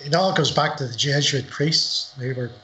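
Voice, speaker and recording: A man's voice: medium pitch, moderate pace, pushed and bright, a little hiss or hum, rough recording. A middle-aged man from Northern Ireland, an author chatting in an interview over a livestream call, rambling and repeating words as he tells stories. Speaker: author guest. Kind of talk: casual interview chat. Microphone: livestream video call.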